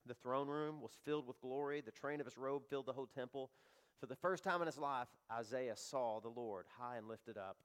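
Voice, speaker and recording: A man's voice: medium pitch, fairly quick, clean tone. Man, pastor, impassioned sermon, acts out quoted voices.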